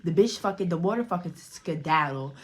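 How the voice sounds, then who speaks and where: A young woman vlogger telling a casual story time, profane and animated, often repeating herself. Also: sits low, brisk.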